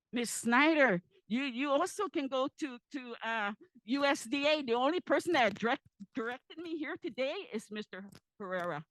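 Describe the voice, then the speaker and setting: A woman's voice: sits high, lively intonation, moderate pace, a bit bright, no room sound, poor audio. A woman, giving tearful, impassioned public comment into a handheld mic at a community forum. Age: 50s. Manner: impassioned, pleading, repeats herself. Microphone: handheld microphone.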